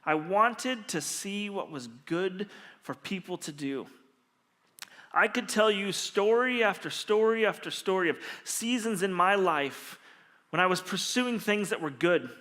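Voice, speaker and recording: A man preaching as a pastor, telling stories in an animated, humorous way. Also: high voice, a little slow. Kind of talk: storytelling sermon. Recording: long reverb of a large hall.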